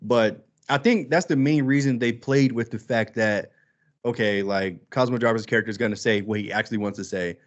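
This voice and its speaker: A man co-hosting a podcast in casual chat, animated and quick to act out quoted lines. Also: lowish voice, lo-fi sound. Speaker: podcast co-host.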